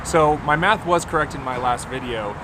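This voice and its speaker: A man vlogs casually from his car about his delivery shifts, speaking at normal speed over background noise. In this monologue he's a chatty storyteller, acting out the people he met with big pitch jumps on their quoted lines.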